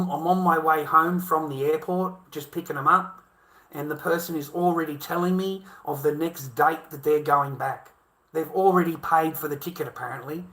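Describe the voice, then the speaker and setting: A man's voice: a little high, sharp tone. Crude Australian man ranting. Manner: crude, swearing, repetitive, keeps saying mate. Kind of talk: casual rant.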